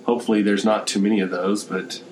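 A man's voice: on the low side, flat delivery, fast, darkish tone, a little hiss or hum. A man hosting a business conversation, explaining points steadily and often saying "you know".

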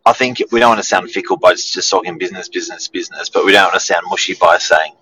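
A man's voice: low voice, fast talker, pushed and bright, low-quality recording. A man co-hosting a casual chat, talking with hesitant restarts and fillers. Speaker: co-host.

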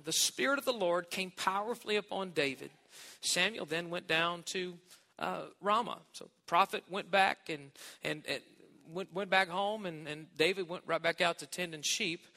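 A man's voice: high voice, pushed and bright, long reverb tail. A man giving a sermon as a guest preacher, emphatic and stretching key words, with light joking asides.

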